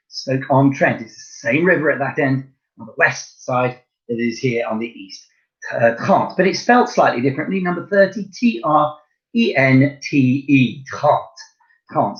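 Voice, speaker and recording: A man teaching a French lesson to primary pupils, chatty and encouraging, spelling words out letter by letter. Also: medium pitch. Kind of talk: recorded online lesson. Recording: slightly dull lo-fi recording.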